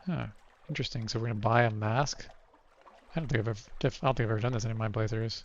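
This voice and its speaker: Gravelly man thinking aloud over a game. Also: fairly low pitch, fairly even intonation, very fast, dull audio, slight background noise. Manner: thinks aloud, weighing choices, with restarts. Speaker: let's play host. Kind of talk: casual let's play commentary, reading game text aloud.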